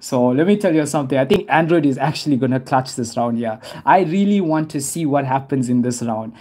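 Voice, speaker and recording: A man's voice: medium pitch, animated, brisk, darkish tone. A man hosting a live gaming stream, hyped and repeating calls for players to hurry up.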